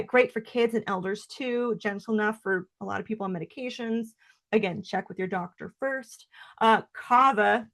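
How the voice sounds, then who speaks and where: A fairly high-voiced woman talks through herbs on her own podcast. She speaks casually and chattily, sprinkling in fillers, as if recording in her home office. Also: a bit bright. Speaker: herbalist podcast host. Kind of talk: casual solo podcast talk.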